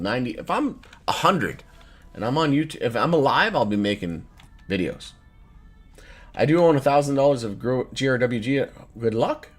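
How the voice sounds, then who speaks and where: A man in his thirties hosting a casual live stream, reading chat aloud in a loose, profane way and laughing often. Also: medium pitch. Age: 30s. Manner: loose, profane, laughs often, swings between joking and irritated. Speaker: livestream host reading chat.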